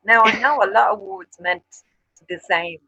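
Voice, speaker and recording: A woman's voice: medium pitch, normal speed, pushed and bright, breathy edge, no room sound, muffled recording. A woman from Ireland with a Dublin Irish accent, co-hosting a casual chat, swearing often and telling stories with animation. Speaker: co-host.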